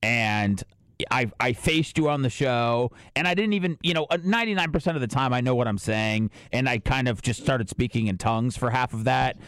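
A man co-hosting a podcast, apologizing in a halting way with many restarts. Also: medium pitch, a bit bright, no room sound, clean studio sound. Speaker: podcast co-host. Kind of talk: casual podcast talk.

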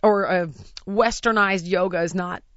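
An American woman telling a lively, laughing anecdote in casual chat. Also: mid-range voice, a little slow, no echo, highs cut off. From United States.

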